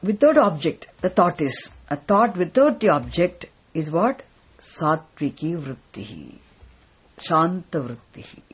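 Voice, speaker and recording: A teacher giving a philosophy lecture in a deliberate way, often stopping to check that listeners follow. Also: mid-range voice, very animated, breathy edge. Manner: deliberate, repeatedly checks understanding. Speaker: spiritual teacher.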